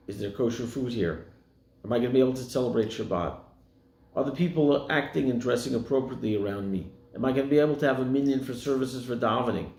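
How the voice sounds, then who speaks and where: An echoey room holds a male American rabbi's sermon, delivered in a gravelly, darkish voice. He spins stories and acts out the figures in them, raising his pitch whenever he quotes someone.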